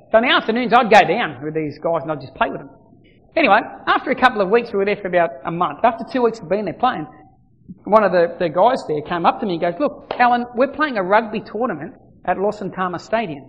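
Animated preacher in a reverberant hall. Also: male voice, a little high, muffled recording. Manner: animated storytelling, exclamations. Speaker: pastor. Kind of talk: sermon with personal story.

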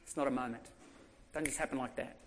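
A man's voice: medium pitch, steady tone, fairly quick. An Australian man preaching a sermon as a pastor, telling stories in a conversational way and repeating emphatic phrases.

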